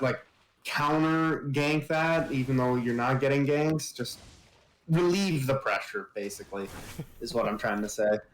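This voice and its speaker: A laid-back Canadian man co-casting a video game match, chatting easily about strategy. His voice sits at a middle pitch and rings a bit in an echoey room, with a faint hiss underneath. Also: fairly bright tone. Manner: laid-back, laughs easily, explains his team's plan. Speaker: guest caster and team player. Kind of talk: casual esports co-commentary.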